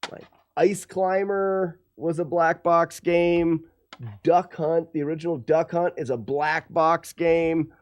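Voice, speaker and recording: A man's voice: on the high side, steady tone, slow, dry recording. A man streaming a retro game, explaining it casually with many fillers. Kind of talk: casual gameplay commentary.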